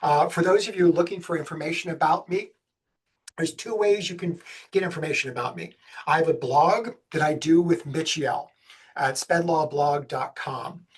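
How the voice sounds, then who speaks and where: A man from the States, giving a webinar presentation on special education law in a fast, energetic way with jokey asides. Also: on the high side, husky. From Southern United States.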